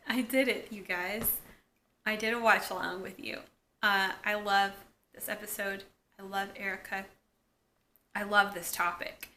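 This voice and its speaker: A woman talks through a TV episode in a casual vlog, her voice bright and sharp. She sits fairly high in pitch. She chats freely, with fillers and excited asides. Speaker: YouTube episode reviewer.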